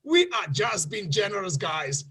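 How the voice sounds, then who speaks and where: A man with an extremely high, very bright and forceful voice runs an online webinar. He talks excitedly and often breaks into shouts. The sound comes through a video call mic. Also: unhurried, slightly rough. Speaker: webinar host. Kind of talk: hyped online sales webinar.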